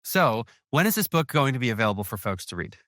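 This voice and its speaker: Speaking fast with wide swings in pitch, this US podcast host has a mid-range, slightly bright voice. He chats casually and effusively with his interview guest, restarting himself a lot. The studio-quality recording is dry.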